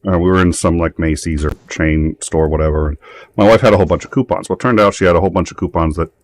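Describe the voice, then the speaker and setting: A man in casual conversation, telling anecdotes with frequent laughs and halting restarts. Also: low voice. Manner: chatty storyteller, laughs often, halting restarts. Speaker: talk show participant. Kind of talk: casual chat.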